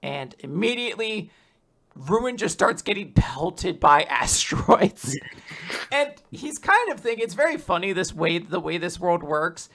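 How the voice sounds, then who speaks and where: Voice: mid-range voice, sing-song, a little slow, vocal fry, fairly bright tone. A podcast co-host recapping a manga chapter in a casual, rambling chat, full of fillers and asides. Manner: rambling retelling, many fillers, laughs between lines.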